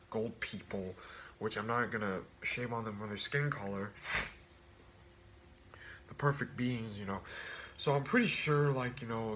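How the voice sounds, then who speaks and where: A man's voice: medium pitch, a bit bright, a little hiss or hum. A man casually reviewing a film, rambling with many restarts and fillers. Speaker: movie reviewer.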